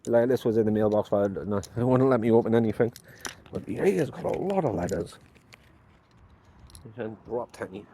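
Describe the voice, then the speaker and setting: A man's voice: lowish voice, lively intonation, brisk, pauses often, warm tone, slight background noise. A man vlogging outdoors from a handheld phone, rambling, muttering to himself and poking fun at himself. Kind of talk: casual vlog talk to camera. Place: outdoors by mailboxes, walking around.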